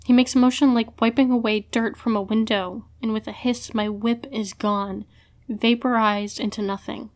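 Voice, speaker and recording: A woman narrating a first-person fantasy audiobook in an expressive way. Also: a little high, moderate pace.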